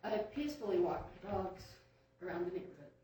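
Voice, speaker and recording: A woman's voice: fairly low pitch, lively intonation, quick pace, mellow, slight background noise. A woman giving public comment at a hearing, recounting her complaints in an aggrieved way, with many ums. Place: large echoey meeting room. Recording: echoey room from a distance.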